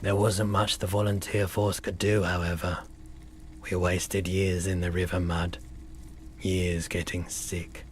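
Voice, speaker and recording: A man's voice: low-pitched, little pitch movement, a little slow, a little hiss or hum. An actor playing a weary, bitter male pawnbroker in a video game, telling a grim story in a somber, resigned way.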